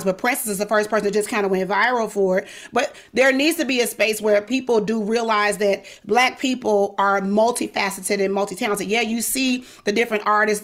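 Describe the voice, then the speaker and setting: A middle-aged woman, her voice sitting a little high. She talks candidly and emphatically in an interview. She slips into quick quoted voices to make her case. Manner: emphatic, outspoken, animated with quoted asides. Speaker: podcast host, guest.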